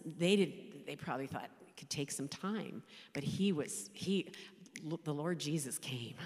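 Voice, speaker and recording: A woman in her sixties, a chaplain, giving an emotional personal faith testimony, speaking haltingly and often dropping to a whisper. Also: sits low, a little mellow. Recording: long hall reverb.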